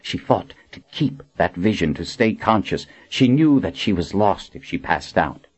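Deep husky guy narrating a dark fantasy audiobook, lively dramatic reading, kinda muffled. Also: unhurried.

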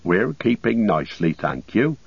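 A man's voice: lowish voice, very animated, measured pace, gravelly, breathy edge, no room sound, heavily acted. A man voicing a polite, homely older female hobbit. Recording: dull lo-fi recording.

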